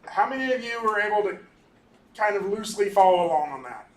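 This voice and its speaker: A male animation instructor lecturing casually through a software demo, often ending points with "right?" and pausing on "um". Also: sits high, animated. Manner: casual, talkative, keeps tagging on "right?"; frequent ums and restarts. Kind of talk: recorded class lecture with screen demo.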